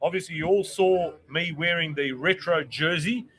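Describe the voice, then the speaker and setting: A man, hosting a streamed chat show, talks in a slightly higher-than-usual voice. He is blunt and swears freely, getting worked up as he goes. The sound is casual and unscripted. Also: normal speed, fairly bright tone. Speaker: podcast host.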